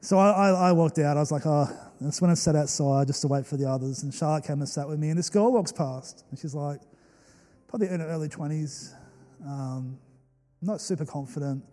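A young Australian man preaches from the pulpit, his voice warm, mellow and slightly high. He tells stories earnestly and emotionally, full of little fillers and restarts. The sound carries a long reverb from a church hall. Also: brisk. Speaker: pastor. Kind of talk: storytelling sermon.

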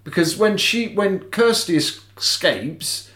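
Male podcast co-host, lively and jokey, higher voice, roomy sound. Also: takes it slowly. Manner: animated, jokey, swearing and laughing. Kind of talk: casual film-discussion chat. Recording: echoey room.

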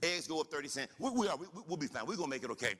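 Man, pastor, sermon, lively rising and falling pitch, bright ringing voice, long hall reverb. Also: very fast, husky. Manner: animated preaching, swings from soft to shouted. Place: church sanctuary.

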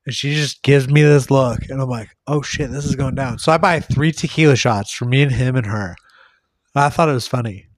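A man's voice: mid-range voice, normal speed, dry recording. A young man hosting a podcast, telling a rambling, crude story full of swearing and acted-out quotes. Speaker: podcast host.

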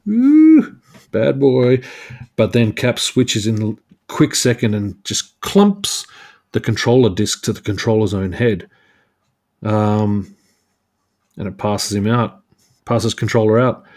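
A man's voice: lowish voice, a little slow, long pauses, a little mellow. A man hosting a podcast, chatting through a comic book issue in a loose, self-mocking way and laughing at his own jokes. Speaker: podcast host. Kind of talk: casual comic book recap.

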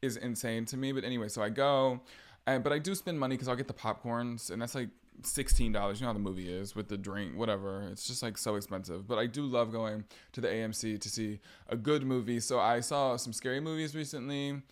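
A man's voice: medium pitch, steady tone, brisk. A young man hosting a casual solo podcast, chatty and gossipy with sarcastic jabs. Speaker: podcast host.

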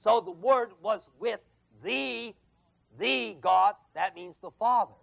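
Man, Bible teacher, high pitched, emphatic, repeats words, questions the class, classroom, muffled old recording. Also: takes it slowly, gravelly. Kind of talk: Bible lesson lecture to adult class. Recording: dull lo-fi 1979 class recording.

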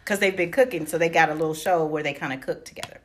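A woman co-hosting a casual chat, telling stories in a chatty, animated way and laughing often. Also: deep voice, quick pace, a crowd in the background.

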